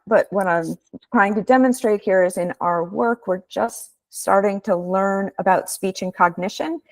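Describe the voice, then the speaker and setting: A woman's voice: mid-range voice, no room sound. A woman researcher giving a webinar presentation, explaining in a plain way with hesitant restarts.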